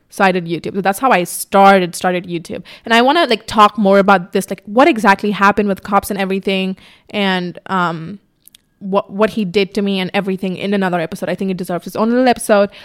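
Speaking fast in a steady, medium-pitched tone, a young podcast host shares her own story in a frank, chatty way. She swears without holding back and mimics herself when quoting, captured by a tripod-mounted camera facing her.

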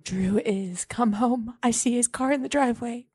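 A woman hosting a comedy podcast, playing a flustered, hurried character in an improvised scene. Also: on the high side, a little mellow, breathy edge, dry recording, clean studio sound.

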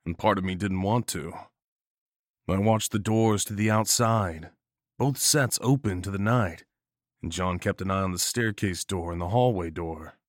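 A man narrating a first-person horror story in a measured, gritty and profane way. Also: on the low side, no room sound, studio quality.

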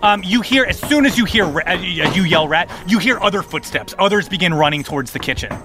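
A man's voice: high voice, animated, fast talker, over music. A man narrating as game master in a tabletop game, loose and playful with many fillers.

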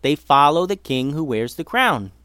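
A man's voice: fairly high pitch, sing-song, moderate pace, pushed and bright, smooth, no room sound. An earnest young girl ninja, as a male narrator puts her on, explains matters plainly and steadily. She is a children's storybook heroine. The recording is dry and close. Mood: explaining.

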